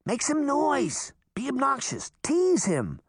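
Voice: high-pitched, huge pitch swings, slow pace, no room sound, studio quality, voice pushed up, heavily acted. A man voicing a bossy, impatient young girl. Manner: impatient, scolding.

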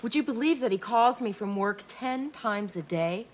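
A woman's voice: a little high, lively intonation, normal speed, lightly acted. An actress playing a worried young married woman in a sitcom, earnest and pleading. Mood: complaining. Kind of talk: sitcom acting.

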